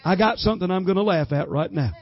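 A middle-aged man preaching a lively sermon, laughing often as he leads holy laughter. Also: high-pitched, fast talker, highs cut off. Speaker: guest minister. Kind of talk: Pentecostal-style sermon leading holy laughter.

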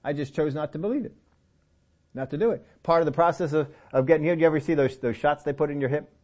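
A middle-aged man preaching a sermon, telling personal stories in a relaxed, conversational way and often rising in pitch to press a point. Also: fast. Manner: conversational storytelling with lively pitch swings and laughs. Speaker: pastor.

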